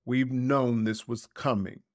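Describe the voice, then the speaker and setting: A podcast host, a man, reads a prepared commentary in a steady middle register. He is deliberate, slowing right down on the words he wants to land. The sound is dry and close, with no room in it. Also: medium pitch, dry recording. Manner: measured, deliberate, slows to stress key words. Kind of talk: reading a prepared essay.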